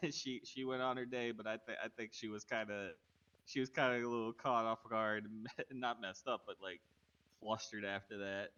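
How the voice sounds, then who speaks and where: A man's voice: on the low side, steady tone, normal speed, pushed and bright, clean tone, muffled recording. A man telling a rambling in-character story during a roleplay game stream, chuckling between sentences. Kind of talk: casual in-character chat.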